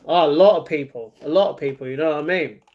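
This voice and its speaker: A man's voice: fairly high pitch, fast talker, highs cut off. A young man with a London accent hosting a casual livestream, reading viewers' comments aloud and answering them in a chatty way. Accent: London English. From England. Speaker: livestream host reading chat. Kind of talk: casual live chat.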